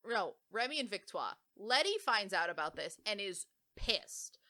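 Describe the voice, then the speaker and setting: A woman co-hosting a podcast, casually retelling a book's plot with lots of "like" fillers and quick self-corrections. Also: mid-range voice, very animated, pushed and bright. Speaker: podcast co-host. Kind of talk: casual book summary.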